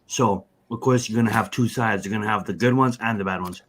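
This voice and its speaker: A man's voice: fairly low pitch, fast talker, a bit bright. A man in casual podcast chat, rambling through long answers with many fillers and restarts. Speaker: podcast guest.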